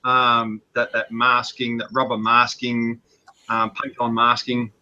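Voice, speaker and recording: A man on an online hobby call, explaining his technique eagerly with quick stumbles and repeated restarts. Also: mid-range voice, completely flat delivery, pushed and bright, highs cut off. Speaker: guest modeler. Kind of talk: casual video-call chat. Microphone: video call.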